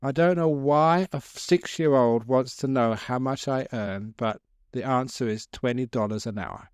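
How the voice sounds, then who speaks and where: A worn-out, irritable father snaps in short, raised bursts, his voice pushed up high and loud when he loses patience, as a man telling a story puts him on. The tone is smooth and clear, with a dry, close sound. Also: a little slow, no room sound, lightly acted. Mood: apologetic. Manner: snapping, irritable. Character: tired grumpy father, short-tempered man.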